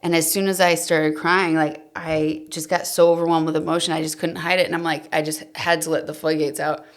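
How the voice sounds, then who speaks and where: Candid female podcast guest, deep with fry, confessional storytelling. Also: level tone, fairly quick. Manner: emotional, confessional, trails off softly.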